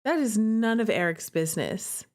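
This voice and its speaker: A woman's voice: mid-range voice, expressive, normal speed, a little mellow. A woman streamer reading a visual novel aloud and reacting in a chatty, emotional way. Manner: emotional, chatty, indignant on the character's behalf. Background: faint guitar music.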